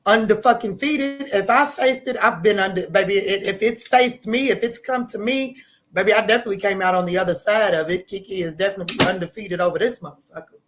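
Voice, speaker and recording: A bold, foul-mouthed woman hosts a tarot livestream, talking a little fast. Her casual chat is loud and full of laughter, with abrupt jumps in pitch.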